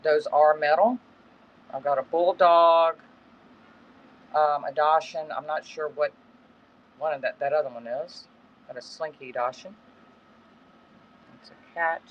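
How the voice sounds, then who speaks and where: A man's voice: a little high, steady tone, measured pace, pauses often. A middle-aged man hosting a live-stream auction from his home, chatting casually in a rambling, self-correcting way. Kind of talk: casual live-selling chat. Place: home in the woods. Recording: dull lo-fi phone stream with faint background noise.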